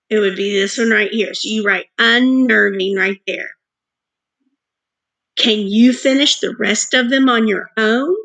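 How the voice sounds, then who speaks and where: A woman music teacher in a recorded distance-learning lesson, sounding words out slowly and clearly for young students. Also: fairly high pitch, a bit bright.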